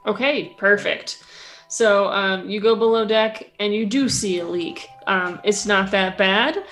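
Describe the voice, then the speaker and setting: A woman narrating a tabletop game as game master, relaxed and hesitant with many fillers. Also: mid-range voice, unhurried, soft background music, poor audio.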